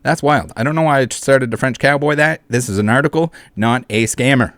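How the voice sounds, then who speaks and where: A YouTube commentator hosts a casual video, reading out comments and a news article while tossing in sarcastic, mocking remarks and plenty of swearing. His voice is mid-range with a fairly bright tone and a fairly quick pace, recorded with studio quality and no echo.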